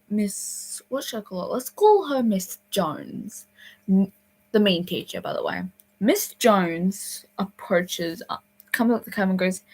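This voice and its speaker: A young adult woman, a storytelling vlogger, rambles casually through a personal story packed with fillers, restarts and sudden whispers. Her mid-range voice is fairly bright, and the recording quality is low.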